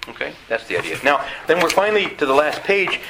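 A man's voice: a little high, big pitch swings, fast talker, noisy background. A man teaching a conversational Bible study. He asks his listeners rhetorical questions and acts out quoted voices.

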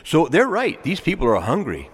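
A male preacher delivers a sermon in a big, reverberant church hall. His pitch moves a great deal, dropping to hushed lines before rising into loud calls to the congregation. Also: huge pitch swings, moderate pace, a little hiss or hum. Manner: dramatic swings between hushed and loud calls, asks congregation to respond. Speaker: pastor.

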